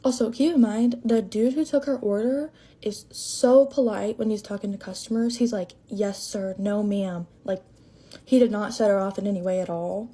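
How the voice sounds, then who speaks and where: A young woman telling a casual storytime about a rough shift at a drive-thru, rambling and filling her talk with "like". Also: fairly high pitch, normal speed, warm tone. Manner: chatty, rambling, lots of "like", shaken.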